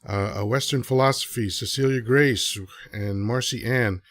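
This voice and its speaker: A man's voice: mid-range voice, moderate pace, a bit bright, no echo. A man hosting a live audio show, talking casually to listeners and throwing out rhetorical questions. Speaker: podcast host.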